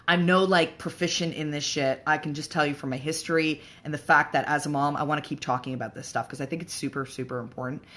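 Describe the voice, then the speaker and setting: A woman's voice: on the low side, pushed and bright. A woman hosting a casual livestream chat for moms, frank and profane, rambling along with plenty of fillers. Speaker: host of a live show for moms.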